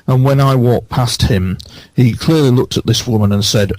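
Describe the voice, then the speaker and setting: A man on a radio show who recounts his experiences earnestly, halting and repeating phrases for emphasis. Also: mid-range voice, a little mellow, no echo. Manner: halting, with many false starts.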